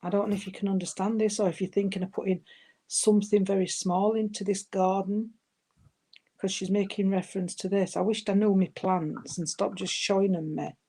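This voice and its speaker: A woman's voice: medium pitch, fairly even intonation, brisk, dark tone. A woman giving a live mediumship reading, hesitant and affectionate, calling her listeners darling. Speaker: spiritual medium.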